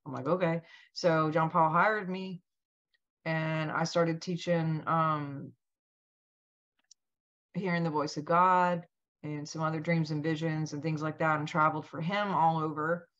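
Woman telling a wild personal story, lowish voice, acting out the dialogue, kinda dull lo-fi sound. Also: measured pace. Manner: animated, acts out quoted dialogue. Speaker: interview guest.

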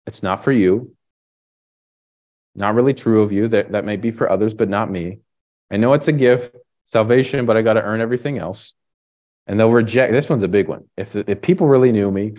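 Guy preaching casually, lowish voice, lots of "right?" and um's. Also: a little mellow. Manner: conversational, often asks "right?"; halting restarts and fillers. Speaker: pastor. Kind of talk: sermon.

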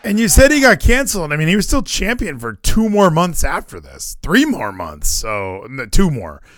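Animated, joking male podcast host. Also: a little high, moderate pace, no room sound. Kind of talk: casual chat.

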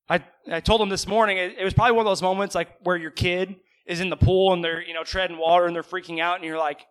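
A man preaching in a church, with a high, bright and forceful voice. He talks to his congregation in a loose, conversational way, asking them questions and dropping in playful asides between Bible passages. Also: fast, few pauses. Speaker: pastor. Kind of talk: sermon.

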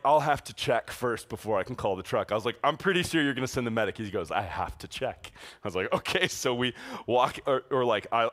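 A young man telling a story in a sermon to a youth group, animated and chatty, full of "like" and "um", laughing as he goes. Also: mid-range voice. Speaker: youth pastor.

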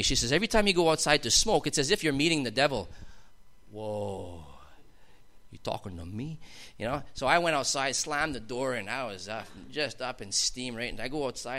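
A man's voice: mid-range voice, pushed and bright. Fervent man giving a testimony. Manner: storytelling, emphatic, building to fervent outbursts. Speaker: testimony speaker. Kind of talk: personal testimony to a congregation.

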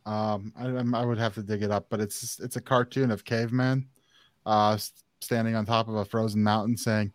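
A man's voice: fairly low pitch, level tone, brisk, dry recording. Hesitant co-host man, dry sound. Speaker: co-host reading chat. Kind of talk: casual chat.

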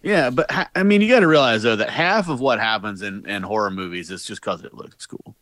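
A man's voice: lowish voice, brisk, a bit bright, no room sound. A man chatting casually as a podcast co-host, mostly chiming in with short, agreeable remarks. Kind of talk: casual chat.

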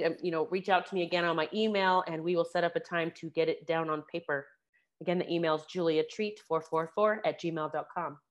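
A woman hosting her own podcast, slightly hoarse from a sore throat, chatting through announcements in a relaxed way with fillers. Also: on the low side. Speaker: podcast host.

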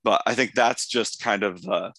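A man with a hoarse voice hosting a podcast, chatting enthusiastically about an episode with many restarts. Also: lowish voice, moderate pace, pushed and bright, no room sound. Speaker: podcast host. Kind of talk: casual episode discussion.

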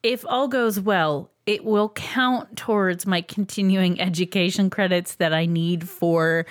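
A woman's voice: lowish voice, fairly even intonation, measured pace, no room sound, studio quality. A woman co-hosting a podcast in casual chat, wry and matter-of-fact. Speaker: podcast co-host.

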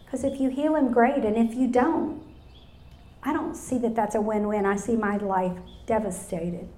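Woman in her 50s, earnest testimony talk, mellow warm voice, roomy hall echo. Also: a little high, steady tone, moderate pace. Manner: earnest, storytelling, addresses audience directly. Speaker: speaker at women's luncheon. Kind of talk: live personal testimony talk. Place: large hall with live audience.

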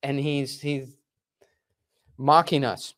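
A man's voice: medium pitch, slow. A man hosting a casual interview podcast, telling stories animatedly and acting out quotes. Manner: animated storyteller, acts out quotes. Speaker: podcast host.

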